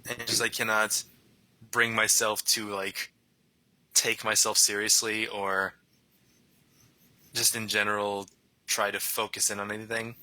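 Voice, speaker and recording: A man's voice: lowish voice, little pitch movement, unhurried, long pauses, bright, forceful tone, dry recording, low-quality recording. A young man chatting casually and rambling, often laughing as he talks. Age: young adult. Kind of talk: casual conversation.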